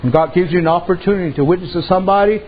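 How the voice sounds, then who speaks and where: A man's voice: high voice, racing, breathy edge. A man preaching a sermon, telling homespun stories and dropping frequent amens. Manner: folksy storytelling, frequent amens and "you know". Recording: muffled with faint background noise.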